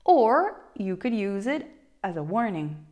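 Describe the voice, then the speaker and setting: A woman, a teacher giving a playful, expressive online language lesson with wide swings in intonation. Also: medium pitch, a little slow. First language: Italian. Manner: expressive, playful, shifts intonation widely for examples.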